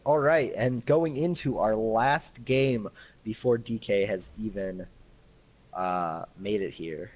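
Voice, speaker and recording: Male esports caster, fairly low voice, relaxed and dry-humored play-by-play. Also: slow pace, dull audio, slight background noise. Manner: laid-back, dry joking. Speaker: esports commentator. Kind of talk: casual live esports commentary.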